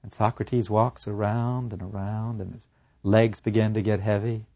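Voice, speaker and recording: A man narrating a story in an animated, expressive way. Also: on the low side, normal speed, no room sound, muffled recording. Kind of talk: dramatic storytelling.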